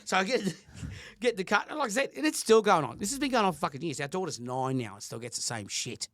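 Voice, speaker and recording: An Australian man in middle age tells a story with a constant stream of swearing. His pitch swings widely. The recording is close and dry, with no room sound. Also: lively intonation, fast talker, a bit bright, no room sound. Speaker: podcast co-host. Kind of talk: casual podcast chat.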